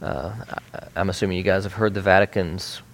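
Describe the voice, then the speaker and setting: A man's voice: sits low, steady tone, fairly quick. A man teaching a bible study in a conversational way, with frequent fillers and restarts.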